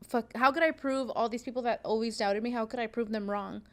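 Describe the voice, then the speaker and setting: Animated, swearing woman telling a story. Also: fairly high pitch, a little fast. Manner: profane, animated storyteller acting out quotes. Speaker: podcast host, seamstress. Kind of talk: casual storytelling chat. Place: sewing studio.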